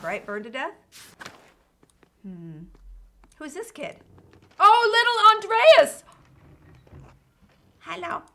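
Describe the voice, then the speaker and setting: A woman's voice: fairly high pitch, sharp tone. A woman streaming a video game, chatting casually with viewers and reading game dialogue aloud. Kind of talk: casual live-stream chat.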